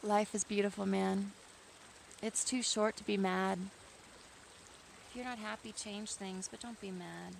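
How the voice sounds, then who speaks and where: Earnest woman musing outdoors, gravelly edge. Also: medium pitch, steady tone, unhurried, pauses often, a little hiss or hum. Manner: earnest, free-flowing, rising to emphatic bursts. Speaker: vlogger. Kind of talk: casual spoken reflection to camera. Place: outdoors in nature.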